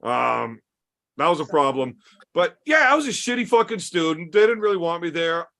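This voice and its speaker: A young man with a fairly high voice tells crude, swearing-laden stories in a relaxed podcast chat. His delivery is casual and unhurried. He talks like someone spinning yarns among friends. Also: vocal fry. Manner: crude, swearing, laid-back storytelling. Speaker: podcast host.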